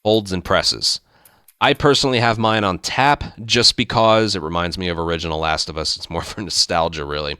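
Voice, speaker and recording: A man hosting a speedrun tutorial, explaining step by step in relaxed casual game commentary. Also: deep voice, moderate pace, smooth, no echo, clean studio sound.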